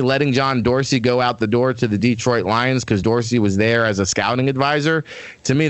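A man's voice: mid-range voice, no echo. Opinionated man talking football. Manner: emphatic, opinionated, many restarts. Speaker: weekly draft analyst guest. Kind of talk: casual sports talk.

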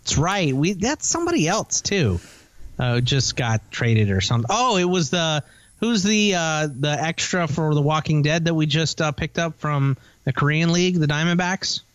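A man's voice: on the high side, lively intonation, a bit bright, no room sound. A man co-hosting a podcast, chatting casually and teasingly while rattling off player names and prices. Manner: rambling, teasing, lists names quickly. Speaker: podcast co-host. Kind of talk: casual fantasy football chat.

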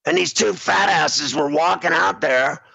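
A man hosting sports talk, telling a rambling story in an animated way and laughing often. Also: fairly high pitch, a little slow, creaky, husky, no echo, dull audio.

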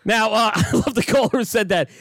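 Brash, very high-voiced radio host man. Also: a little fast, fairly bright tone, no room sound, studio quality. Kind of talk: animated sports radio banter.

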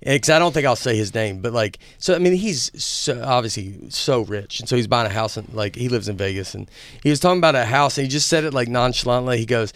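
A man telling stories in a casual chat, rambling with halting restarts. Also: medium pitch, a bit bright, dry recording. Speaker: podcast host, comedian.

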